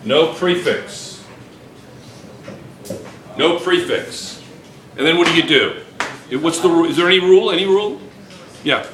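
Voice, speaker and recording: A man's voice: a little high, animated, fast talker, far from the mic, noisy background. A male chemistry teacher lecturing a class, repeating questions and calling on students by name. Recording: echoey classroom.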